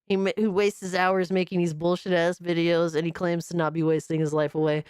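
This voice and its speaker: A woman's voice: lowish voice, level tone, a little fast, darkish tone, smooth, dry recording, studio quality. A woman hosting a gaming stream, mocking a video in casual, profane reaction commentary. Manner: mocking, profane, laughs at the clip.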